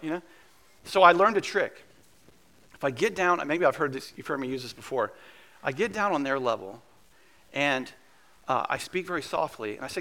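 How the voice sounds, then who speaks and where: A man serving as pastor, preaching a conversational, earnest sermon that at times drops to a hush. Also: fairly high pitch, lively intonation, fairly quick. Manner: conversational and earnest, with soft hushed asides.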